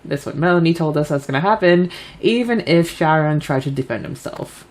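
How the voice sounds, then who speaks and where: A woman's voice: low-pitched, expressive, brisk, low-quality recording. A woman co-hosting a podcast, chatting casually and laughing often as she sums up a story chapter. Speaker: podcast co-host. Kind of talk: casual chat recapping a fanfiction chapter.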